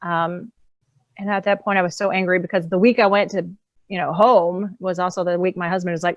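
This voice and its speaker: A woman's voice: fairly low pitch, little pitch movement, fairly quick, dry recording. Candid woman telling her story, dull. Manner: candid, laughs often between thoughts. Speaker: empowerment coach and author, guest. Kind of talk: casual personal storytelling.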